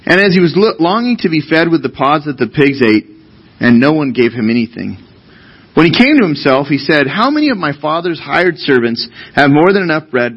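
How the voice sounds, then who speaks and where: Man pastor preaching, a bit high and husky, dull lo-fi sound, reads the bible then repeats his points for weight. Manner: reads scripture aloud, then explains it with emphatic repetition. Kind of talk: sermon. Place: church.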